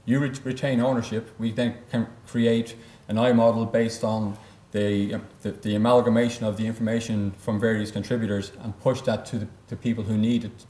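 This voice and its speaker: Brief: male conference presenter, lowish voice, explanatory, restarts phrases, roomy echoey sound. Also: little pitch movement, normal speed, warm tone. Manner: explanatory, often repeats words mid-sentence. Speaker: software company presenter. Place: conference room.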